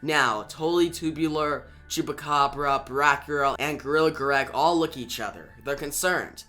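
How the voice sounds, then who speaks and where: A man retelling a comic book story for viewers, energetic and emphatic. His voice is bright and sits a little high, with faint music playing behind him. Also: normal speed.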